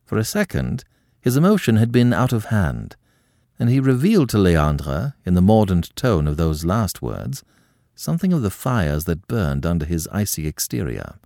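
Male audiobook narrator, low, expressive delivery, dry sound. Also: no room sound. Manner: expressive, measured storytelling.

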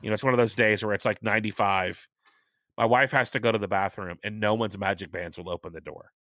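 A middle-aged man hosting a casual chat, talking chattily and stressing key points by slowing down. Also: lowish voice, steady tone, sharp tone, no echo, clean studio sound. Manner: chatty, emphatic, repeats points slowly for stress.

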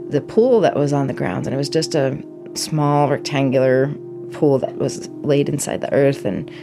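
A woman's voice: deep voice, creaky. A middle-aged woman telling a personal story, emotional and vivid, quoting herself as she goes. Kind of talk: personal story told to an audience.

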